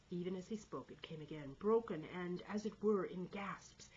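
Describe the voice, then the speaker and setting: A woman's voice: on the low side, expressive, normal speed, few pauses, breathy edge, dull audio. A woman reading a novel aloud as an amateur audiobook, with small stumbles and restarts. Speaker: audiobook reader.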